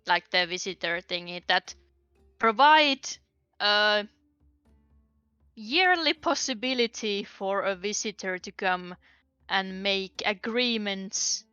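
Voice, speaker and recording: Woman, game player, bright voice, rambling with fillers, dry dull recording. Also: mid-range voice, clear, resonant tone, no echo. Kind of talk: casual chat.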